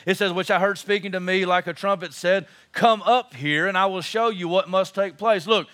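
A man's voice: sits high, fairly even intonation, moderate pace, a bit bright. A man preaching a sermon as pastor, impassioned and emphatic, repeating his phrases for force.

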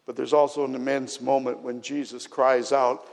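A man's voice: mid-range voice, little pitch movement, moderate pace, creaky. A man preaching a sermon in a church, speaking earnestly and building to emphatic peaks. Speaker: pastor. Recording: long hall reverb.

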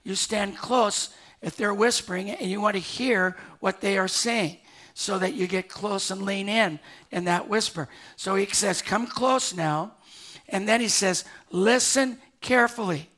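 Older man, pastor, high voice, church sermon, hushed then urgent. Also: steady tone, measured pace. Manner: swings from hushed to loud and urgent. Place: church with live congregation.

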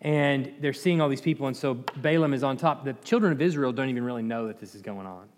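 A man teaching a Bible study, retelling the story in an animated way with laughs and asides to the class, recorded in an echoey church hall. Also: medium pitch, quick pace.

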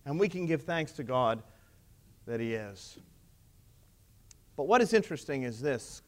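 A man's voice: medium pitch, big pitch swings, measured pace. A man preaching a sermon, emphatic and asking his listeners rhetorical questions.

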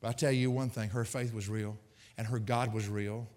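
A male pastor preaching a sermon, an animated, folksy storyteller with humorous asides. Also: fairly low pitch, normal speed. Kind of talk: sermon with personal stories. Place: church sanctuary. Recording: long reverb of a church hall.

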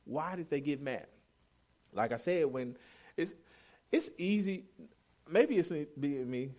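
A man's voice: a little high, expressive, measured pace, long pauses, darkish tone. A man in his thirties preaching a sermon as pastor, telling a family story in a candid, self-deprecating, conversational way.

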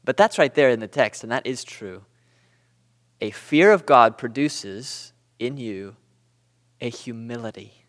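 A man from Southern California teaching a church Bible class, conversational and animated, with storytelling asides. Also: mid-range voice, measured pace, pauses often, big-room sound.

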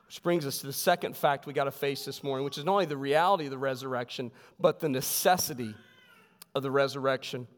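A male pastor preaching a sermon with emphasis, his voice sinking low on key words. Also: steady tone, quick pace. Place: church sanctuary. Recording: long hall reverb.

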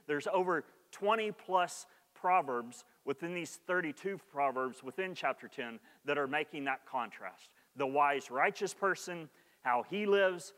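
Male pastor with a slightly high voice, preaching loosely and conversationally, recorded in a reverberant church hall. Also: fairly bright tone. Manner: conversational preaching with many restarts and "like", rising in energy. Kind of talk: sermon.

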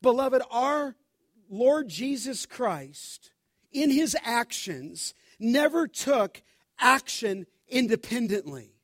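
A man preaching an expository sermon, emphatic, slowing down to stress each scripture quote and calling listeners "beloved". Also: extremely high pitch, big pitch swings, no room sound, studio quality. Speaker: pastor.

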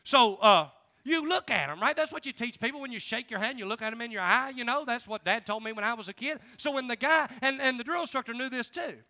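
A male evangelist preaches in a high, gravelly voice. His delivery is folksy and emphatic, and his tone is bright and forceful. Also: fast. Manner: folksy, emphatic, laughs between stories. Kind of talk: sermon with personal storytelling.

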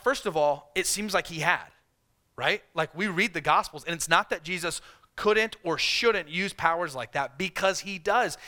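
A man preaching a sermon in a conversational way, voicing the tempter's questions in softer, lower tones. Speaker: pastor.

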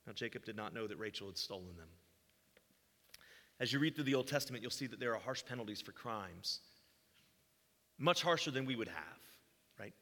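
A man's voice: on the low side, expressive, fairly quick, long pauses, pushed and bright. A man preaching a sermon, walking through a Bible passage and voicing the quoted speech with rising intensity. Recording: long hall reverb.

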